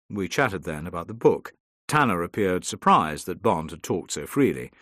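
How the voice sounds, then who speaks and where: A man reading a first-person adventure audiobook in a measured storytelling manner. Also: low voice, big pitch swings, fairly bright tone, no room sound, clean studio sound. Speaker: audiobook narrator.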